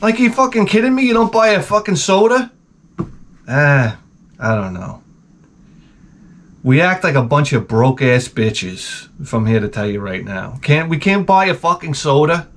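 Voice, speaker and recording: A man's voice: on the high side, lively intonation, normal speed, long pauses. A man in his forties, the channel host, telling a profane, rambling comedic rant.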